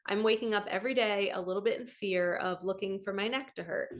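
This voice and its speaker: A woman vlogger and spiritual coach telling a personal story to camera from home. She is chatty and excitable, and she keeps reenacting what other people said. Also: mid-range voice, a little fast. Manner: chatty and excitable, quoting others in lively retellings.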